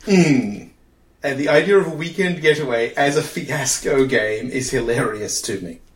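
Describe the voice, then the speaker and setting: A man's voice: medium pitch, moderate pace. A man with a New Zealand accent hosting a casual podcast chat, reading out listener ideas with a wry, dry humour. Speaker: podcast host. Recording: roomy echo.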